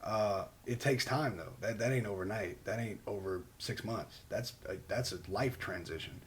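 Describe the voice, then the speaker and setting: A man's voice: on the low side, normal speed, slight background noise. A man co-hosting a podcast in casual chat, laid-back and jokey, often saying "man" and laughing. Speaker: podcast co-host.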